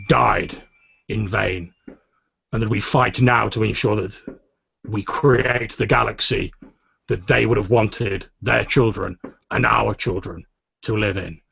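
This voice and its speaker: A man's voice: lowish voice, creaky, a bit bright, slightly rough, heavily acted. A man voicing a male rebel commander who gives a formal, rousing speech. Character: solemn male rebel commander giving a eulogy. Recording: dull, dry lo-fi audio.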